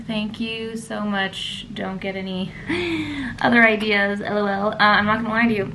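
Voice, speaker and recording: A bubbly woman talking to her camera in a casual travel vlog, gushing about everything and laughing often. Her voice drops into a gravelly fry at phrase ends. Clear background noise and ambience hum under her. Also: medium pitch, steady tone, normal speed, pushed and bright. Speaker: travel vlogger. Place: hotel room and city streets.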